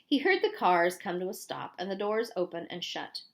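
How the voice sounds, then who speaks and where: A woman's voice: on the low side, sing-song, moderate pace, vocal fry. Woman reading a novel aloud. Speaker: audiobook reader.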